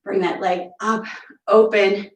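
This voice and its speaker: Speaking slowly and flatly at medium pitch, a fitness instructor runs a barre workout from a room in her home. She counts reps, encourages her class and slips in chatty asides while a little out of breath. The low-quality recording sounds roomy and was captured from a distance.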